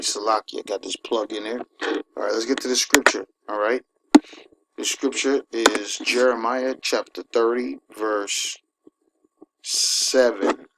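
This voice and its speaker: A man giving an informal sermon, emphatic and conversational, who keeps asking his listeners "all right?" and slows down to read scripture. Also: lowish voice, heavy background noise. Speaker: preacher.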